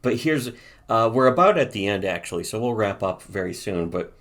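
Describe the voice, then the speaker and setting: Guy w a lowish voice rambling about old webcomics, swears a lot, keeps cracking up. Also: animated, brisk, fairly bright tone. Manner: rambling, profane, laughs while reading comic lines. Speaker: co-host. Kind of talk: casual comedic commentary.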